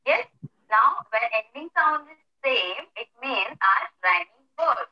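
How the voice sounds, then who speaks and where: A woman teacher who reads slowly and deliberately. Her voice is fairly high, and it comes from away from the mic in an echoey room with a lo-fi sound. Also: lively intonation. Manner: slow, deliberate. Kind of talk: reading a poem and explaining rhymes. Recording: echoey, distant, lo-fi.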